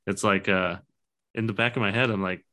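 Thirty-something guy, kinda low but bright voice, swearing and laughing his way through podcast chat. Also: steady tone, a little fast. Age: 30s. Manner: loose, profane, laughing storyteller. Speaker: podcast co-host. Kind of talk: casual chat.

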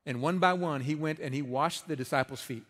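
A man's voice: on the high side, brisk, fairly bright tone, long reverb tail. A man preaching a sermon in a conversational, emphatic way, with folksy humor. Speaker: pastor.

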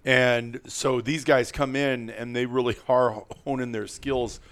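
A man's voice: medium pitch, level tone, unhurried. A man hosting a podcast in casual chat, rambling and chuckling, often restarting his sentences. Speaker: podcast host.

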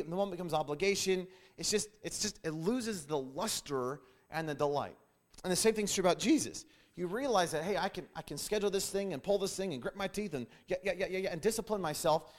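A man's voice: high-pitched, fast talker. Emphatic male Bible teacher. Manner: emphatic, repetitive, with frequent restarts and "hey". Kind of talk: sermon-style lesson.

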